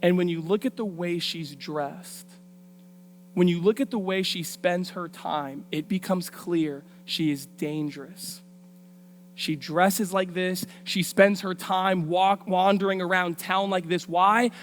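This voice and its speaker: Lively, slangy woman preacher. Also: fairly low pitch, slow pace, a little hiss or hum. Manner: lively, colloquial, street-smart. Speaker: guest preacher. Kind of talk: storytelling sermon. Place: church.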